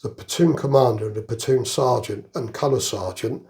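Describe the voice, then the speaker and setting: Older English army veteran with gravelly voice. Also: male voice, mid-range voice, normal speed, warm tone. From England. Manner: rambling anecdotal storyteller, chuckles through jokes. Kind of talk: casual storytelling interview.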